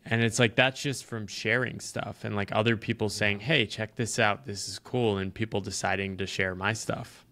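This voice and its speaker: A man's voice: lowish voice, fairly even intonation, normal speed, hardly any pauses, bright, forceful tone. A man who writes books, a podcast guest who tells stories and explains ideas at length in casual chat.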